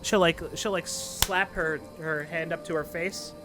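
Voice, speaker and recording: A man's voice: fairly high pitch, fairly even intonation, a little slow, over music. A man narrating as dungeon master of a tabletop game, rambling with many fillers.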